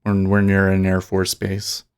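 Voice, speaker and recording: A man's voice: low voice, monotone, unhurried, clean tone. A man talking casually and rambling as he streams his live day trading, often restarting and chuckling. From Utah.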